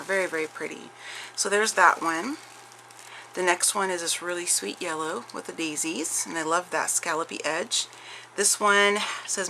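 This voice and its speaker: A woman's voice: fairly low pitch, gravelly, bright, forceful tone, slight background noise, rough recording. A middle-aged woman showing off a craft haul in chatty show-and-tell style, gushing over each piece with many fillers and restarts. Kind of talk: casual show-and-tell chat.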